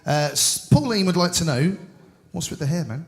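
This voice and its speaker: A man's voice: fairly high pitch, lively intonation, normal speed. A man hosting a live interview before an audience, teasing his guest and pressing him with questions. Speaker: host.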